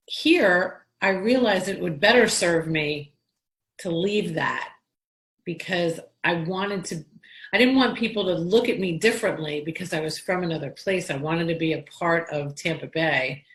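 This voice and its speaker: A woman's voice: on the low side, normal speed, fairly bright tone, rough recording. A woman from Long Island, New York, hosting a casual interview, chatty and telling stories with frequent restarts. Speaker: podcast host.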